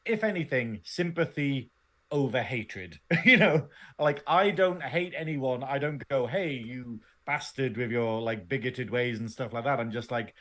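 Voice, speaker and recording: A man's voice: mid-range voice, moderate pace. A man with a Northern English accent, co-hosting a casual podcast, joking around and laughing often. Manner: jokey, laughs often, lively. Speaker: podcast co-host.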